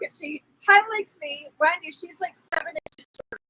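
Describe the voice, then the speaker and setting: A woman telling a story in casual conversation as a spiritual teacher co-hosting a live stream, animated and laughing as she acts out the people in it. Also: high voice, moderate pace, no room sound, poor audio. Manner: animated, acts out quoted voices, laughs often.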